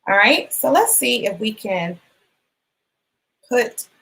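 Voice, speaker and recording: A woman teacher giving a phonics lesson for young children, sounding out letters and words clearly and encouraging them. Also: fairly high pitch, sing-song, slow, a bit bright, low-quality recording. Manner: encouraging, asks questions and waits.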